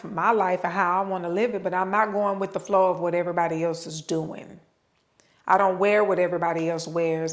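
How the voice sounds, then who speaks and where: A woman with children giving an unscripted motivational talk, speaking straight to the listener, repeating words for stress and drawing out her words. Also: fairly low pitch. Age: adult with children. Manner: preachy, direct address to listener.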